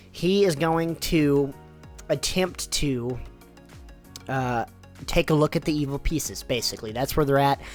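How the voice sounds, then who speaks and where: A man giving a loose, rambling spoken summary of a story, full of fillers and swearing. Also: medium pitch. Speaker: YouTuber summarizing light novels.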